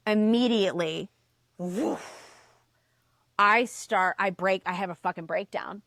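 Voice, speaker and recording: A woman guest on a podcast, telling a story in casual chat, animated, swearing and acting out the voices she quotes. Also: mid-range voice, moderate pace, gravelly, no room sound, clean studio sound.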